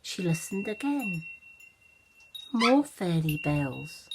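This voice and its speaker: Expressive older woman reading a story. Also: on the low side, slow, background noise. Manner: expressive, animated read-aloud.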